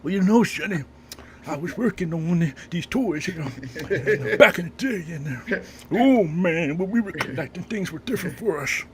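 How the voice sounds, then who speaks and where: A man's voice: sits high, lively intonation, moderate pace, a crowd in the background. A man putting on the voice of a little old man reminiscing about the old days. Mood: nostalgic.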